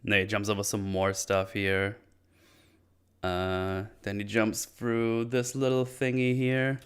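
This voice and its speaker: A man's voice: on the low side, flat delivery, clean tone. A man casually recapping a martial arts film, rambling and swearing freely. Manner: rambling, swears freely, puts on quick voices for characters. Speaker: film reviewer.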